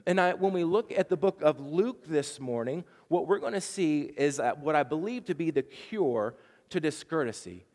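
A man's voice: fairly high pitch, animated, normal speed, darkish tone, in a large hall. A man preaching a sermon as pastor, telling a chatty story with frequent stammered restarts.

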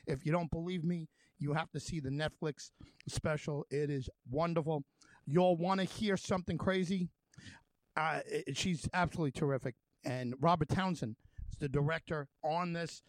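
A male radio host interviewing a guest, talking in halting, rambling runs with many fillers and restarts. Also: fairly high pitch, steady tone, dry recording.

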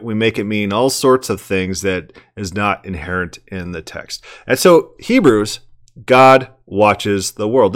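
A man's voice: lowish voice, smooth. A man commenting on a sermon clip, emphatic and argumentative, asking rhetorical questions and often repeating words.

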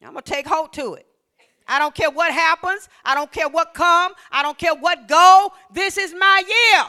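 High, bright-voiced woman preaching. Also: normal speed. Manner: call-and-response, builds to shouting. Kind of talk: sermon.

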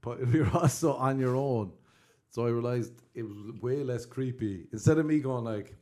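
A young Irish man hosting a relaxed chat, with a lively voice that rises and falls. He tells stories and laughs often as he goes. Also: medium pitch, moderate pace, hardly any pauses. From Ireland. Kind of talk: casual chat.

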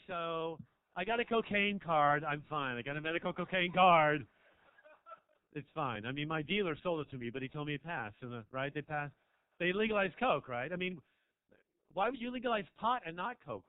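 Loud teasing comic guy, kinda high voice, tinny phone-ish club recording. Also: no room sound. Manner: brash, teasing, jumps between mutters and shouts. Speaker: stand-up comedian. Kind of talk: stand-up set with crowd work. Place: small comedy club. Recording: dry, tinny phone-like sound.

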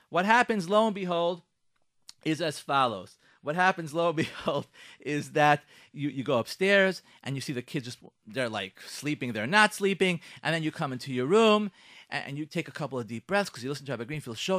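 A man hosting a radio talk show, speaking in a lively way, acting out both sides of arguments and mixing in Hebrew and Yiddish terms. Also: on the high side, a little fast, no echo, studio quality. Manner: lively, acts out both sides of quarrels in shifting voices. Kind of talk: animated radio talk with acted scenarios.

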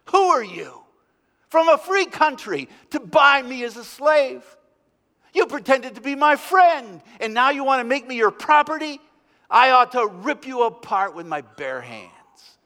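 A preacher voicing a young enslaved man, loud and raised in rage or begging forgiveness. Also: very high-pitched, fairly even intonation, normal speed, hardly any pauses, in a large hall, pitched above the performer's own voice. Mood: enraged. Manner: shouting in rage, then pleading. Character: furious young enslaved man turned penitent.

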